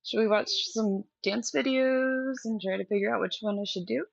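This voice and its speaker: A woman's voice: on the high side, moderate pace, creaky, dry recording. A young woman chatting candidly and directly to viewers on a casual live stream from a room at home. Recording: dull lo-fi stream audio.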